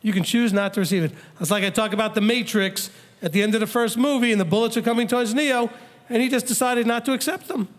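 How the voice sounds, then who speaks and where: High-voiced man teaching a congregation. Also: fast. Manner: animated, acts out quoted people and questions the audience. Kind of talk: conversational teaching talk.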